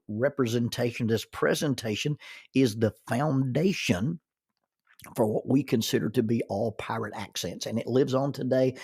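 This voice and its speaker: A man's voice: medium pitch, darkish tone, husky, no echo, studio quality. A middle-aged man telling a personal story in a folksy, chuckling way. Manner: folksy, chuckles through his stories. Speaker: storyteller and minister.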